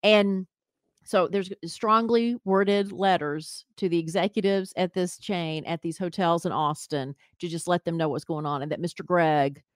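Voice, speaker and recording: With a lowish voice at a moderate pace, a woman co-hosts a podcast, chatting casually through a story and vividly performing the quoted voices. The audio is dry with clean studio sound.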